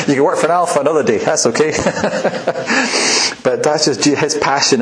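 A man preaching a sermon in a relaxed, chatty way, often laughing at his own asides. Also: medium pitch, normal speed, reverberant, rough recording. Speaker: pastor.

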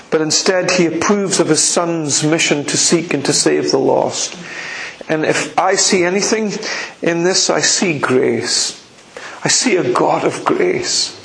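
A man's voice: on the high side, creaky, fairly bright tone. A man preaching a sermon, emphatic and repetitive, with rising questions. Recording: echoey room.

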